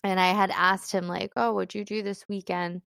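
A woman's voice: mid-range voice, flat delivery, moderate pace, creaky, a bit bright, clear, resonant tone, no echo, clean studio sound. A young woman telling a bad-date story in casual chat, filler-heavy and laughing often. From Philippines. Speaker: guest telling a dating story.

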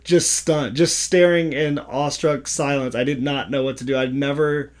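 A man's voice: mid-range voice, fairly even intonation, normal speed. A man, a pastor, chatting casually and laughing often as he swaps stories. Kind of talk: casual podcast chat.

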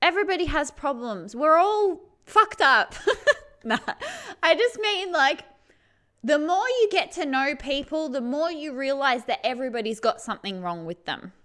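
Her voice sits high and sounds expressive, bright and forceful at a normal speed as she chats directly to the camera. The woman offers self-help tips, cursing freely, laughing often, dramatizing her feelings and asking "right?" again and again.

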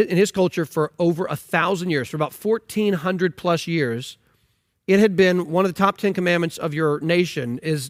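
A man's voice: fairly high pitch, dry recording, studio quality. A man preaching a sermon on scripture, emphatic and incredulous, with frequent restarts. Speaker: pastor.

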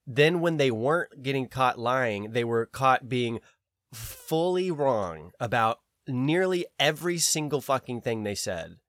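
A man's voice: mid-range voice, unhurried, no room sound. A man co-hosting a podcast, talking in a loose ranting way and swearing often. His voice sits in the middle range. The sound is dry and close. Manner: ranting, animated, swears freely. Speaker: podcast co-host. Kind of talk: casual podcast chat.

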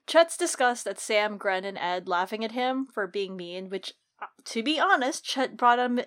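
A woman co-hosting a casual book podcast, giving animated, opinionated rants about the characters. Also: on the high side, normal speed. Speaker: podcast co-host. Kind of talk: casual book-club chat.

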